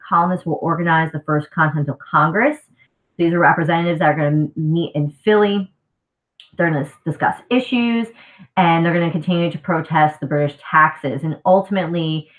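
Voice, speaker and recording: Low-voiced woman teacher, scratchy throat. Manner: casual, conversational explaining. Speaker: history teacher. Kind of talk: live exam review lesson. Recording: tinny phone-like audio.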